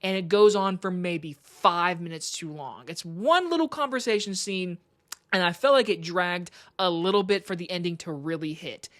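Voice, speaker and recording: A woman's voice: fairly low pitch, moderate pace, a bit bright. A woman reviewing a film in a loose, chatty way. She sounds eager and enthusiastic, and keeps dropping in "like" as she talks. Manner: chatty, enthusiastic, heavy use of "like". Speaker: movie reviewer. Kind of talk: casual spoken movie review.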